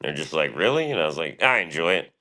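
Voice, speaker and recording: A man's voice: rumbling low, fast, sharp tone. A man streaming live, rambling casually and profanely about his past and his show, often quoting himself.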